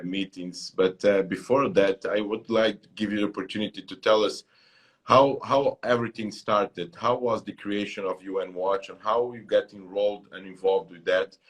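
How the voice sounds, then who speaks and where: A man from Brazil hosting a live interview in English with a Brazilian Portuguese accent, friendly and slightly halting. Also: on the low side, steady tone. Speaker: interviewer, live show host.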